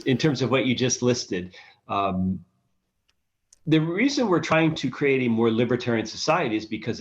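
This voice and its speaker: A man's voice: mid-range voice, dull audio. A man from the US South, a guest in an interview, explaining earnestly and restarting as he thinks. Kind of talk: conversational interview.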